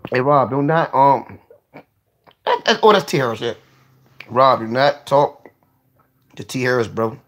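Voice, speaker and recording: A man hosting a casual livestream, talking to his viewers in a profane, excitable way that swings from low mumbling to sudden yelling. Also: moderate pace. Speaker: livestream host.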